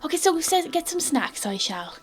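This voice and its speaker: A woman voicing a bustling, motherly housekeeper in her late forties, with a high, chirpy, fussing voice. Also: very animated, moderate pace.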